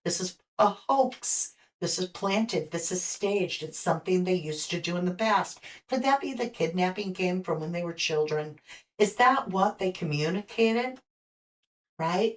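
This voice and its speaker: A woman's voice: mid-range voice, measured pace, recorded from a distance. Chatty woman hosting a tarot live stream. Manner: chatty, warm toward viewers, speculative. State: hiccuping. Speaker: host and tarot reader.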